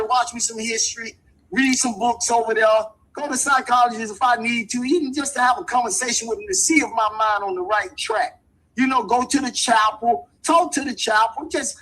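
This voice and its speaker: A man's voice: very high-pitched, pushed and bright, rough recording. A man talking in an impassioned, street-wise way, hammering his points with repetition like a lecture. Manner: emphatic and repetitive, preachy.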